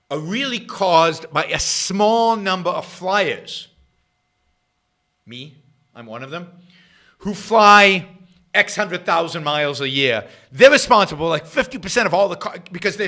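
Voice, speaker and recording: A middle-aged man hosting his own show, giving sarcastic political commentary that swings between loud jabs and muttered asides. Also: fairly high pitch. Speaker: podcast host.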